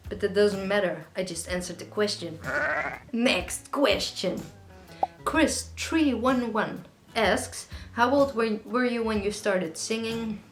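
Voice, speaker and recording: Chatty young woman in an echoey room. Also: medium pitch. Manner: chatty, rambling, with frequent fillers. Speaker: singer-songwriter YouTuber. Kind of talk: casual Q&A vlog. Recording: echoey room with faint music.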